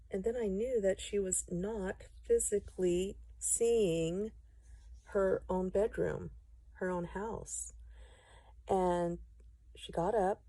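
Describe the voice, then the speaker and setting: A middle-aged woman telling a personal testimony to camera in an earnest, gentle way with soft pauses. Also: medium pitch, husky, dry recording. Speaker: testimony speaker.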